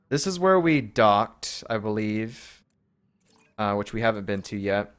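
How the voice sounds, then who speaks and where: A man's voice: lowish voice, animated, unhurried, clean tone. A man casually commenting while playing a video game, reading menu items aloud half to himself in an offhand, wry way.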